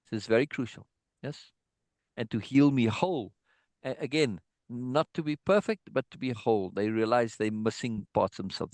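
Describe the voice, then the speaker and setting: A man teaching songwriting in a loose, chatty online class, working through his ideas out loud and tagging nearly every point with a questioning "right?". His voice sits at an everyday middle pitch, and the sound is dry and close, with no room around it. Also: dry recording. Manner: thinks aloud, checks in with frequent "right?". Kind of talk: informal online lesson.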